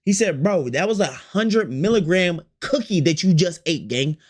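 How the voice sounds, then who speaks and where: A man's voice: a little high, expressive, normal speed. A man telling a storytime to his chat in a slangy, profane way, repeating phrases and acting out the quotes. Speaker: storytime vlogger.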